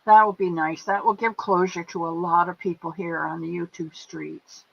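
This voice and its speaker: A woman with a fairly low, creaky voice keeps a level tone and moderate pace while running a casual livestream, reading comments and calling viewers by name with affectionate pet names. The stream audio sounds dull and lo-fi.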